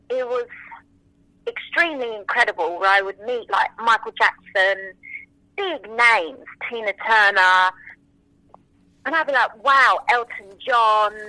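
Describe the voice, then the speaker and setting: A woman in her forties whose first language is French, telling stories as an interview guest in an animated, enthusiastic way, often acting out what people said. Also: a little high, no echo, low-quality recording. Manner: animated, enthusiastic, acts out quotes. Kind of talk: casual interview storytelling.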